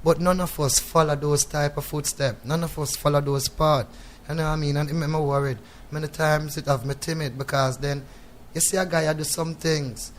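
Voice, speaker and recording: A Jamaican reggae artist, guesting in a radio studio, talks in heavy patois with a reflective, slightly sermonizing air, repeatedly saying "you know what I mean". His fairly high male voice holds a steady tone at a moderate pace over slight background noise.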